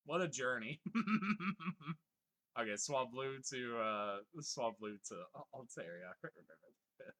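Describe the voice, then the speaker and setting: Bright-voiced man streaming a game. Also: mid-range voice, takes it slowly, long pauses. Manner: swears freely, laughs often, joking exasperation. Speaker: live streamer. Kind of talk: casual gameplay commentary, reading chat aloud.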